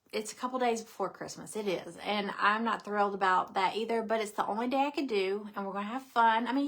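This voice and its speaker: A woman's voice: mid-range voice, a bit bright. Woman, middle-aged, casual live chat, rambling, a little out of breath. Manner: rambling, chatty, repeats herself, says "you know" often. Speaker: craft business owner.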